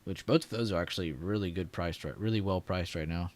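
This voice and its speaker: A man's voice: deep voice, fast talker. A young man hosting a live trading stream, chatting casually, reading comments and laughing often. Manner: chatty, reads chat aloud, laughs often. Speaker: livestream trading host.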